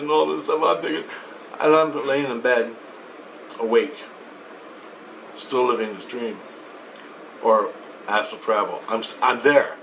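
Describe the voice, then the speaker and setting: A man's voice: mid-range voice, unhurried, long pauses, fairly bright tone, recorded from a distance, a little hiss or hum, poor audio. A man telling a story about his spiritual experiences in a rambling, profane way. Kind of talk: casual storytelling monologue.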